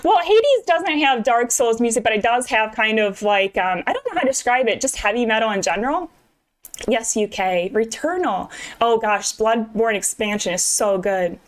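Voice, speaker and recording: A woman's voice: a little high, animated, moderate pace. A woman game streamer chatting with her viewers, giggly and talkative, answering chat while she plays. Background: video game music.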